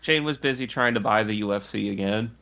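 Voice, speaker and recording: A man's voice: lowish voice, a little fast, vocal fry, pushed and bright. Man dropping dry one-liners. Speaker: podcast co-host. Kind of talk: casual chat.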